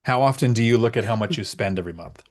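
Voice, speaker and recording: A man's voice: medium pitch, fast. A middle-aged man hosting a casual live question-and-answer chat, reading out viewer questions and answering frankly with emphatic repetition. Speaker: host.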